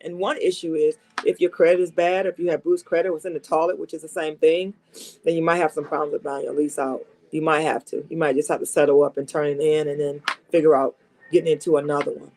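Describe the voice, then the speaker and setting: A woman's voice: deep voice, flat delivery, fast talker, a little mellow. A woman who works as a car salesperson, giving casual advice from her desk at a dealership. She is coming down with a cold, and she talks in an emphatic, chatty way, repeating her key points. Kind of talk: casual advice talk to camera.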